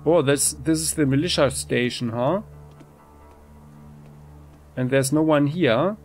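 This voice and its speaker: A man casually commenting on a role-playing game he is playing, thinking aloud in a relaxed way. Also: fairly high pitch, slow, faint music behind. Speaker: let's play host.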